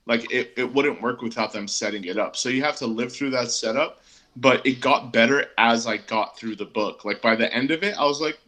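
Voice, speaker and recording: A man's voice: medium pitch, fairly quick, bright, forceful tone. A man co-hosting a casual comic book review chat, easygoing and hesitant, with many ums and restarts.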